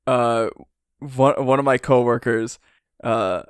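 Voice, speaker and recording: A young man co-hosting a podcast in casual chat, excitable and quick to laugh, swearing as he talks. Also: mid-range voice, smooth, dry recording, clean studio sound. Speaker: podcast co-host.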